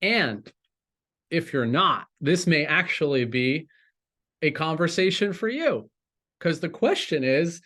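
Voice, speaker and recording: A man speaking as a coach in a motivational talk, deliberate and encouraging, with lifts on key words. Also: fairly high pitch, expressive, fairly bright tone.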